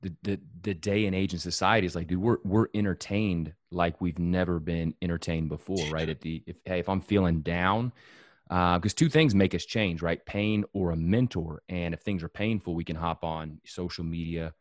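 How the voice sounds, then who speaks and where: A man with a very deep voice chatting casually as a podcast host. He talks loosely, with lots of "dude" and "right". His voice is close and dry, with no room around it. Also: fairly even intonation, moderate pace, no room sound. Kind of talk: casual chat.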